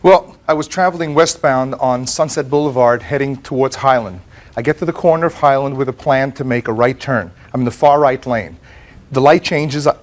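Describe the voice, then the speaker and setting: Animated American man telling his story. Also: mid-range voice. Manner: animated storytelling with repeated words and quoted voices. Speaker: plaintiff. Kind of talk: courtroom testimony.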